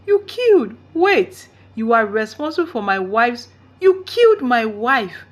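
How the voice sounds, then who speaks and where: A woman voicing a middle-aged father who shouts in rage and breaks down in grief. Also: on the low side, lively intonation, normal speed. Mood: furious. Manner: shouting, tearful outbursts. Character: middle-aged father, angry then grieving.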